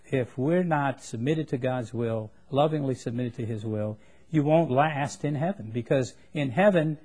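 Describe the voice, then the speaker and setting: A man preaching a sermon, plain-spoken and folksy, who reads scripture in quick bursts and raises his voice for emphasis. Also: mid-range voice, darkish tone.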